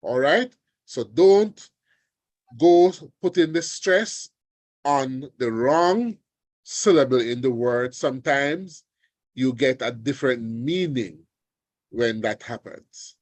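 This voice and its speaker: A man teaching an online exam revision lesson, deliberate and often checking in with his students. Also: medium pitch, lively intonation, no echo. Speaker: language teacher. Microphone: video call.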